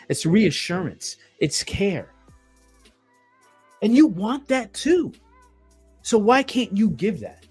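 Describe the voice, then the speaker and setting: Solo podcast host, male, blunt and emphatic, cursing freely, slightly raised pitch. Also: a little mellow, slightly rough. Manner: blunt and emphatic, swears often, repeats phrases.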